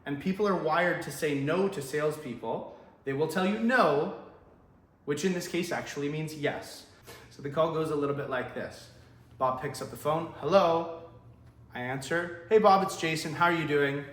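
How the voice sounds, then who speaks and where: A man's voice: fairly high pitch, normal speed, fairly bright tone. A man teaching car salespeople phone skills, talking straight to the viewer in an upbeat way and acting out sample phone greetings. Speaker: sales trainer. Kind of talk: direct-to-camera sales tips. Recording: echoey room with faint ambience.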